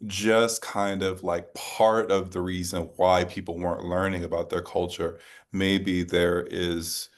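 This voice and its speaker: Low-voiced, halting male interview host. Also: flat delivery. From New Orleans, USA. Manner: halting, rephrases a lot while forming questions. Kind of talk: conversational interview.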